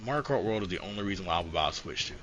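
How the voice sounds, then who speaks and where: A man co-hosting a casual gaming podcast, his pitch leaping and falling as he riffs and swears. He acts out characters between bursts of laughter. Steady noise sits under the recording. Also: racing, lo-fi sound. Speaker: podcast co-host.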